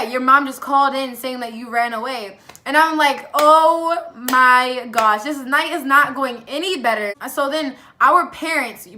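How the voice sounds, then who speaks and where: A teenage girl telling a casual storytime vlog, animated, acting out quoted lines between fillers. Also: on the high side. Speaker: vlogger.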